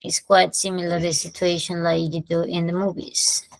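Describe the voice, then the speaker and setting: A woman with a Peruvian Spanish accent teaching an English lesson, mixing Spanish explanations with slowly drawn-out English example sentences. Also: fairly low pitch, flat delivery, gravelly, dry recording, low-quality recording.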